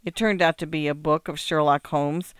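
A man narrating a story as an audiobook, in a measured, even storytelling manner. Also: on the high side, clear, resonant tone, no echo, studio quality.

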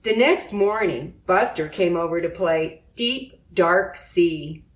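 A woman reading a children's storybook aloud in a slow, clear storytelling manner. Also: fairly low pitch. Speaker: narrator. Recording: roomy echo.

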